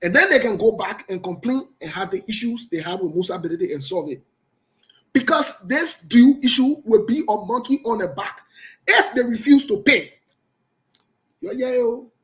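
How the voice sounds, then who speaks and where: A man's voice: extremely high pitch, animated, normal speed, a bit bright. A man, hosting live online political commentary in a combative, scolding and emphatic way, speaking straight to his viewers.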